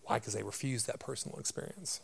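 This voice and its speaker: A man preaching a sermon as a pastor, with a loud, grumbly voice and a direct, emphatic manner full of rhetorical questions. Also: medium pitch, fast, vocal fry, breathy edge.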